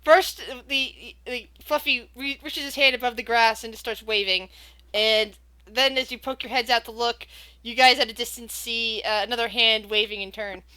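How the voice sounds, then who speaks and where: A woman with a bright, fairly high voice runs a tabletop game as game master. She narrates scenes and asks players for rolls, often stopping and restarting mid-sentence. The sound is dry and close. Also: steady tone, normal speed, no room sound. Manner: hesitant, restarts often while describing.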